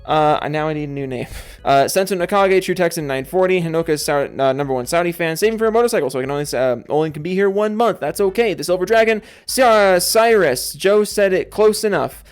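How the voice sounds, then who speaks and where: A young man hosting a casual solo gaming vlog, ranting with heat, swearing freely, then reading out member shoutouts. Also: high voice, brisk, smooth. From Seattle area, USA. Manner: animated, swinging between heated yelling and tired mumbling. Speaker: gaming commentary host.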